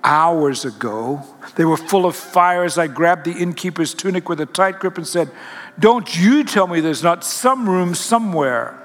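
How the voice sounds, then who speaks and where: A man's voice: on the high side, lively intonation, a little slow, fairly bright tone. A man playing a watchful, protective father who speaks firmly and insistently. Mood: firm, resolute. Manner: firm, insistent. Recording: long hall reverb.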